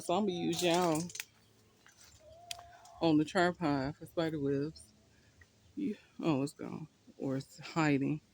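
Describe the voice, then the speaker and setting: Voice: medium pitch, slow pace, long pauses, darkish tone, slight background noise. Brief: friendly backyard gardening vlogger, a little winded, outdoors on a phone, laughs a lot. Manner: chatty, laughs often, thinks aloud. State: a bit winded. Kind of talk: casual vlog walk-through.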